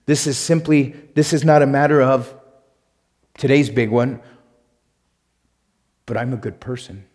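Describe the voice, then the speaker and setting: A male pastor preaching a sermon and reading scripture aloud, emphatic, swinging between loud punched lines and quiet asides. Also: mid-range voice, unhurried, big-room sound. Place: church sanctuary.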